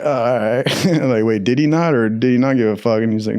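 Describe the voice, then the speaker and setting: A young man in casual storytelling mode, swearing constantly and laughing at his own tales. He acts out the people in his stories by jumping to a higher voice. His talk is loose and profane. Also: fairly even intonation, a little fast, a little mellow. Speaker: podcast storyteller.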